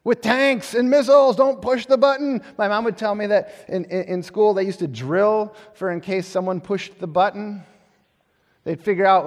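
A male pastor giving a conversational, animated sermon, often repeating words as he restarts. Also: high-pitched, moderate pace. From United States. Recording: long hall reverb.

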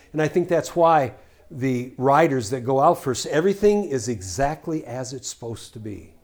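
An older man preaching a Bible-teaching sermon, earnest and full of rhetorical questions, rising loud for scripture and dropping quiet for asides. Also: mid-range voice. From United States.

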